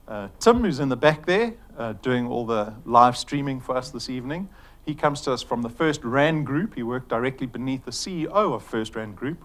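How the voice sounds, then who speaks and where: A man's voice: medium pitch, a bit bright. A middle-aged man from South Africa giving a chatty business presentation to an audience, joking now and then, with fillers. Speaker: company executive presenting to an audience.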